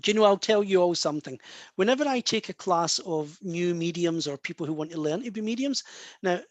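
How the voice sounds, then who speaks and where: Speaking a little fast in an animated, high voice, this Scotsman with a Scottish accent is a medium fielding audience questions. His casual talk is friendly and reassuring, full of "guys" and "love," and there's no echo.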